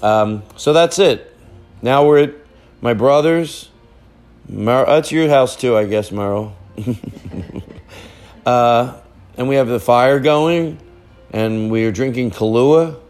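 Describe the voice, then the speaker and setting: A man hosts a casual podcast at a middle pitch. He rambles, jokes and circles back on himself mid-sentence. The talk is loose and easygoing. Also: slow, pauses often, a little mellow, soft background music. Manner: rambling, jokey, self-interrupting. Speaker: podcast host. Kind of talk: casual family chat.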